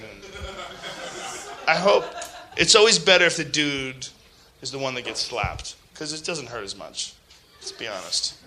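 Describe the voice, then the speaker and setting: Bright-voiced man ranting on a podcast. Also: fairly high pitch, a little hiss or hum. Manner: animated, profane, laughing, mocking voices. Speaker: podcast host. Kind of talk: casual comedic rant.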